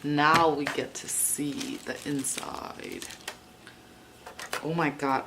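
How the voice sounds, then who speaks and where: A woman's voice: low-pitched, steady tone, drawn-out words, very noisy. A young woman chatting and swearing freely as she vlogs herself fixing something. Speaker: vlogger. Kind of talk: casual vlog narration while working.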